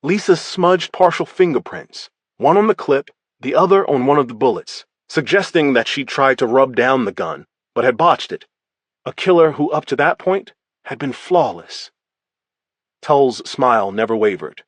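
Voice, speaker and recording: A man narrating a first-person thriller audiobook in a measured, even way. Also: medium pitch, dry recording.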